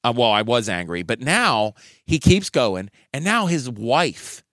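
A man co-hosting a podcast tells a heckler story with a lively, swinging pitch, breaking into loud acted-out quotes. His voice sounds dry and close, with no room around it. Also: a little slow, no room sound. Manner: swears freely. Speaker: podcast co-host and stand-up comedian. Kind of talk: animated storytelling in casual chat.

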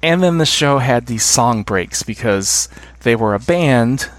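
A man's voice: mid-range voice, lively intonation, unhurried, no echo. A middle-aged man with an American accent, a guest chatting casually in an interview, enthusiastic and chuckling often. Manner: enthusiastic, chuckles often, hums tunes while explaining. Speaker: podcast guest.

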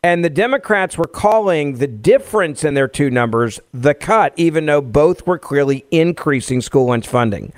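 Guest: man in his forties from Tennessee, lively storyteller, dry booth sound. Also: fairly high pitch, normal speed, hardly any pauses, no room sound. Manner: lively, laughs as he talks. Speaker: guest, radio host. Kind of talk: animated personal storytelling.

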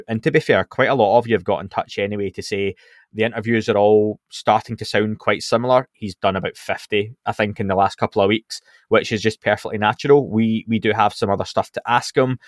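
Male host, casual talker, slightly low pitch, announces updates in a loose, chatty way. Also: steady tone, a little fast, no room sound, studio quality. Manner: chatty, runs through announcements with filler ums. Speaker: podcast host. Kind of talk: casual podcast news chat.

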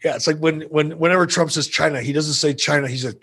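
A man's voice: a little high, fairly even intonation, fairly quick, few pauses, pushed and bright. A man talking as a podcast guest, telling a story in a playful, profane, self-amused way. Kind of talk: casual storytelling.

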